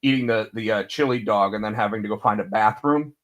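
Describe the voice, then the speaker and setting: He's a podcast co-host with a lowish, slightly bright voice and a quick pace. His casual chat drifts through loosely told stories, with the quotes acted out.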